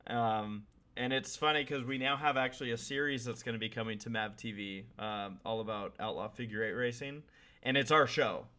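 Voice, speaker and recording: A man's voice: mid-range voice, moderate pace, sharp tone. Podcast host, male, thirties, loose and chatty, full of ums and restarts. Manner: rambling, chatty, lots of fillers and restarts. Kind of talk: casual podcast chat.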